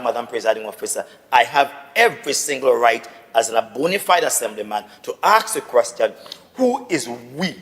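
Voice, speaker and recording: Indignant Trinbagonian assemblyman in a reverberant chamber. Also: medium pitch. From Tobago. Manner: indignant, insistent, repetitive. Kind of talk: parliamentary debate.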